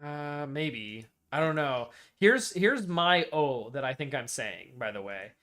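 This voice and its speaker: A man's voice: fairly high pitch, expressive, a little slow, a bit bright. An American man streaming, casually arguing and explaining vowel pronunciations with repeated demonstrations.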